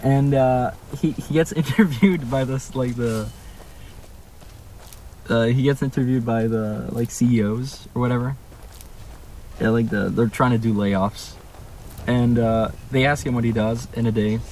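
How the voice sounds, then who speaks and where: A man's voice: mid-range voice, steady tone, unhurried, long pauses, a little mellow, a little hiss or hum. A young man from Canada, speaking in a casual vlog from a room at home, ranting with emphatic rhetorical questions. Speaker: vlogger.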